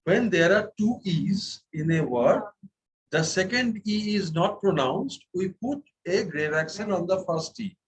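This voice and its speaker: A man teaches a French lesson to a class. His voice sits high for a man and he talks slowly. He is patient, repeating words and checking that students follow. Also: rough recording. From India.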